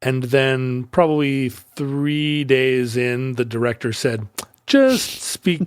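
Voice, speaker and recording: A man co-hosting a podcast in casual chat, playful and quick to laugh. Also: mid-range voice, flat delivery, clear, resonant tone, no room sound, studio quality. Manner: playful, laughs often, jokey. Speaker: podcast co-host.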